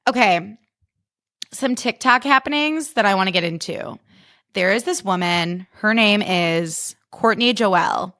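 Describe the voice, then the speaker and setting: A woman's voice: mid-range voice, fairly bright tone, no room sound, studio quality. A woman podcast host and comedian in a casual comic monologue, chatty and sarcastic, full of fillers.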